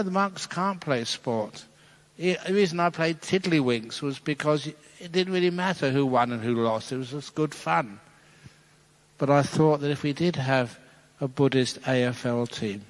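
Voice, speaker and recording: Chuckling monk telling jokes in a hall. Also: male voice, mid-range voice, unhurried. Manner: playful, chuckling storyteller. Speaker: Buddhist monk. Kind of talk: dharma talk with jokes. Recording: long hall reverb.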